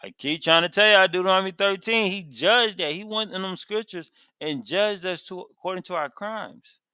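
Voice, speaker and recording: A man giving an animated Bible teaching, reading verses and retelling them emphatically in casual everyday speech. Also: high voice, normal speed, clean tone, no echo.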